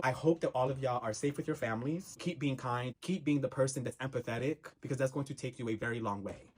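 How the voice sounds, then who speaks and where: A man's voice: medium pitch, quick pace, few pauses, a little mellow, slight background noise. A man giving an exasperated, sassy personal video rant.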